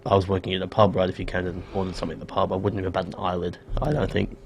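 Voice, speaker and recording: Young aussie guy, super quick talker, casual interview chat, faint background hiss. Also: low-pitched, flat delivery, gravelly. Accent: Australian. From Australia. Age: young adult. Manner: quick, easygoing, matter-of-fact. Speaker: student guest.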